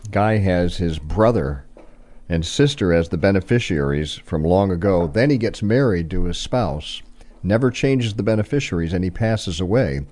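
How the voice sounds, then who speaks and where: A man hosting a casual talk show with a deep, mellow voice. He asks curious follow-up questions and restates the points his guest makes to check that he has them right. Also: animated, normal speed. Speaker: host.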